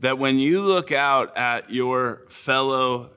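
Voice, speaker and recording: A man preaching a sermon as a pastor, speaking in a measured, earnest way with slow, deliberate phrasing. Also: mid-range voice, bright, forceful tone, smooth.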